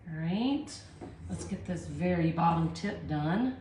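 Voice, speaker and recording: A woman with a Southern US accent hosts a live art tutorial, talking viewers through each step while gently mocking herself. Her fairly low, warm voice is expressive and unhurried. The echoey room has slight background noise.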